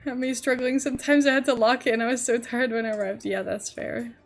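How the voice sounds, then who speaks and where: Chatty young woman streamer, slightly high. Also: fairly even intonation, fairly quick, faint music behind. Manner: rambling, chatty, thinks aloud. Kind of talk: casual livestream chat while building in a game.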